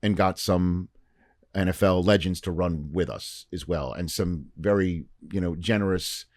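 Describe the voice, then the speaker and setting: A man on a podcast as a guest, telling a long story in casual chat and acting out the quoted lines with lively shifts. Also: sits low, unhurried, dry recording, clean studio sound. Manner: animated storyteller, acts out quoted dialogue. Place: podcast studio.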